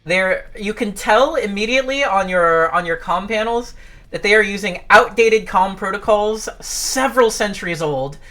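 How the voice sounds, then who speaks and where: A woman's voice: medium pitch, animated, moderate pace, fairly bright tone. A woman narrating a tabletop game as game master, rambling with many filler sounds. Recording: faint music underneath.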